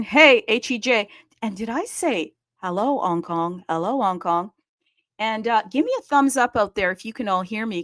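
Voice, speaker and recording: A woman hosting a live audio space in casual chat, bubbly and talkative, laughing often and swinging her pitch up with excitement. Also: no echo.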